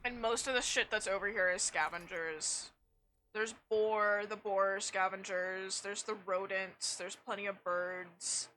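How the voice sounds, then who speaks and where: Young woman, game streamer, loose sweary chatter, bright, crisp tone. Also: medium pitch, steady tone, a little slow, slight background noise. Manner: chatty, self-mocking, swears freely. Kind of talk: casual gameplay chat.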